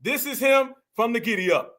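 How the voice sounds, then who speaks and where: A man's voice: very high voice, lively intonation, normal speed, a bit bright. A man hosting an opinionated commentary stream, emphatic and preachy, calling out to his viewers. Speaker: commentary host.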